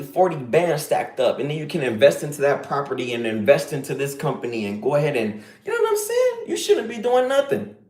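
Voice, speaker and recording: Male streamer, animated and preachy, slightly high voice, roomy echo. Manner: preachy, emphatic, slangy. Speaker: live streamer. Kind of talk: casual live-stream rant.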